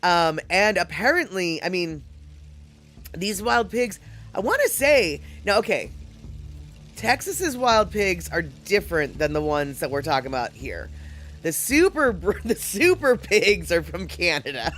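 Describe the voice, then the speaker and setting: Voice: mid-range voice, very animated, a little slow, fairly bright tone, faint music behind. A livestream host chatting casually and reading out viewers' comments, rambling along with lots of fillers and little laughs. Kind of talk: casual live-stream chat.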